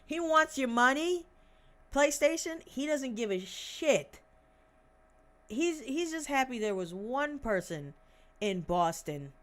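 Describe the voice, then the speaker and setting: A woman in her twenties chatting on a livestream. She rambles bluntly, swears, and makes sarcastic asides while searching for things aloud. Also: on the low side. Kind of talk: casual livestream chat.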